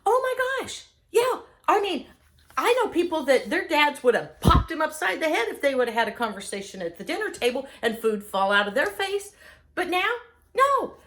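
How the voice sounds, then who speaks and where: Middle-aged lady, chatty and excited, voice a bit high and jumps all over. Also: brisk. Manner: enthusiastic, animated storytelling. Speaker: host. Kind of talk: casual chat.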